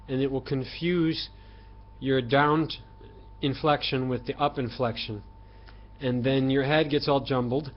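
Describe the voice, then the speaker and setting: A man giving an opinionated online language lesson, talking emphatically with throat clearing and fillers. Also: highs cut off. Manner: voices tones with sudden loud highs and quiet lows. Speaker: language teacher.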